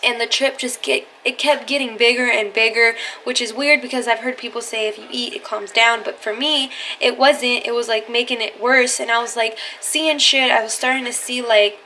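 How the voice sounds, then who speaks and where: A woman's voice: fairly high pitch, steady tone, moderate pace, hardly any pauses, pushed and bright, a little hiss or hum. A young adult woman telling a personal story as a vlogger in casual, slangy talk, swearing freely.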